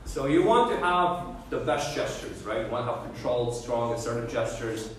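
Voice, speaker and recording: A man's voice: mid-range voice, expressive, normal speed. A man giving a classroom lecture on debate judging, often checking in with "okay?" and "right?". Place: lecture room. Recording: echoey room, voice far from the mic, faint background noise.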